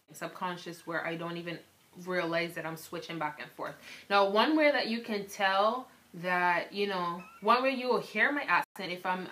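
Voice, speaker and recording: Speaking in a fairly low, sharp-toned voice, a young woman from Barbados vlogs casual stories to camera. Her Barbadian accent drifts toward American, and she talks candidly, packing her speech with fillers like "um" and "like."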